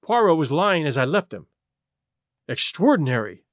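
Male audiobook narrator, high voice, very lively intonation. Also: normal speed, no room sound, studio quality. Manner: expressive, animated reading. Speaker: audiobook reader. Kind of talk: scripted first-person narration.

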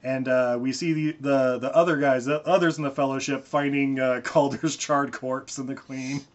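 A man's voice: medium pitch, fairly even intonation, normal speed. A young man hosting a podcast, rambling and laughing through a casual movie recap, sometimes swearing, on a muffled recording. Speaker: podcast host.

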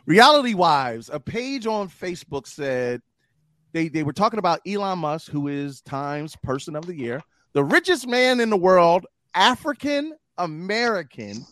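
A young adult man hosting a podcast in casual chat, animated and hype with plenty of slang. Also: high-pitched, measured pace, no room sound, studio quality. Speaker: podcast host.

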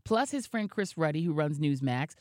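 A woman co-hosting a casual chat podcast, telling stories in an animated, gossipy way. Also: low voice, normal speed, no echo, clean studio sound. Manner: animated storytelling, gossipy asides. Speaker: podcast co-host.

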